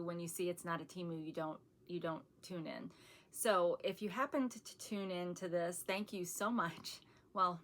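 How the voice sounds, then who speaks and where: Chatty low-voiced woman vlogger. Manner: chatty, rambling, laughs often, self-described sarcastic. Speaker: vlogger showing a shopping haul. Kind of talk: casual haul chat.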